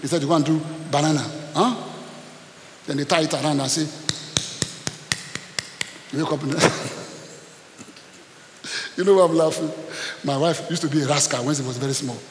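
Pastor, middle-aged, raised voice, call-and-response sermon, roomy hall, light hiss. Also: male voice, fairly high pitch, steady tone, normal speed, pauses often. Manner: call-and-response preaching, storytelling. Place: church hall.

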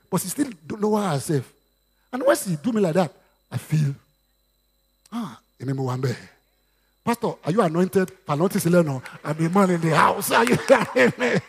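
A man's voice: sits high, creaky, slightly rough. A man with a Nigerian accent preaching a sermon, slipping into Yoruba and acting out quotes. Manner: lively preaching with Yoruba asides and acted quotes. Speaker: pastor.

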